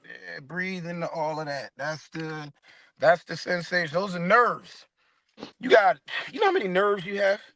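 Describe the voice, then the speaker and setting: A man's voice: high voice, a little slow, a bit bright, no echo. A man leading a casual spiritual discussion and guided stretching, laid-back and slangy, swearing casually. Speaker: discussion leader.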